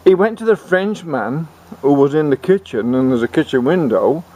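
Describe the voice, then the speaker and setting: A man's voice: fairly high pitch, expressive, moderate pace, a little mellow. Rambling male comic storyteller. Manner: rambling, repeating words.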